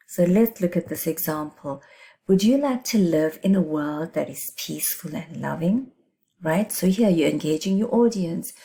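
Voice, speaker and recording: A middle-aged woman teacher explains writing techniques for an exam, leaning hard on key words and checking in with her students. Her voice sits low and sounds warm and mellow. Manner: emphatic, explains with examples and checks in with "right?". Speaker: English teacher. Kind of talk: exam revision lesson.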